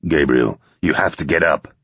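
A man's voice: very deep voice, moderate pace, a bit bright, slightly rough, no echo, heavily acted. A man voicing a grim, determined man who gives firm, urgent orders. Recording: dull, slightly lo-fi recording.

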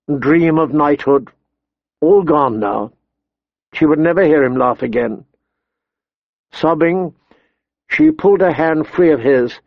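A man narrating an audiobook in a measured, expressive storytelling voice. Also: on the high side, dry recording. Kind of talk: scripted narration. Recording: dull dry recording.

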